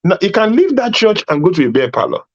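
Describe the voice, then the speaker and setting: A man's voice: high-pitched, big pitch swings, quick pace. A man from Nigeria giving an emphatic preaching talk to a youth conference, repeating phrases and acting out little dialogues. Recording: dull lo-fi sound.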